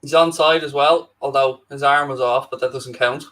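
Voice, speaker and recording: A man's voice: mid-range voice, steady tone, moderate pace, fairly bright tone. An Irish man co-hosting a live football watchalong, making dry, sarcastic remarks in casual chat.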